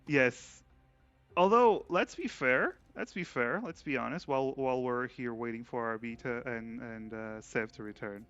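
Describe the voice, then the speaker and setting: A man's voice: mid-range voice, normal speed, highs cut off. A man hosting a livestreamed tabletop game as game master, chatting casually and rambling with frequent laughs. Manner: relaxed, rambling, laughs often. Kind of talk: casual chat before a tabletop game stream.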